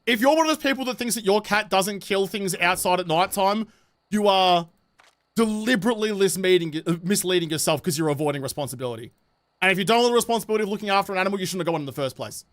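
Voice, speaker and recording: A man's voice: high-pitched, expressive, fast talker, fairly bright tone. Profane New Zealand man ranting. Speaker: streamer. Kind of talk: casual livestream chat while gaming.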